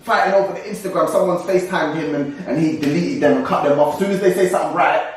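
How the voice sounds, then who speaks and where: A young man, co-hosting a casual discussion podcast in an animated, ranting way with frequent laughs. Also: on the high side, fast, recorded from a distance, a little hiss or hum. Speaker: co-host. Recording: echoey room, voice away from mic.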